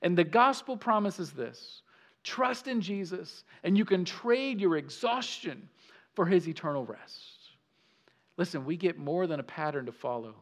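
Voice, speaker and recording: A man preaching a sermon, telling a story with animated urgency that drops into soft, intimate moments. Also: sits high, measured pace. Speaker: pastor.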